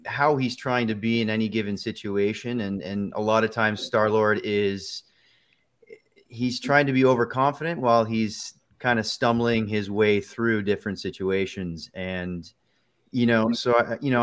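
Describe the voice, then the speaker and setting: A man's voice: on the low side, a bit bright, smooth. Jokey, rambling man on a video call. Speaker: voice actor guest. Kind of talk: casual interview answer.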